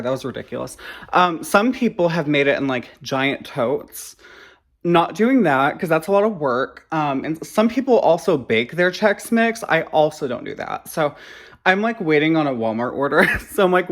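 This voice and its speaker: In his own kitchen, a man hosts a casual home cooking vlog in a slightly high, somewhat bright voice. He rambles with plenty of fillers, swears freely, and jokes at his own expense.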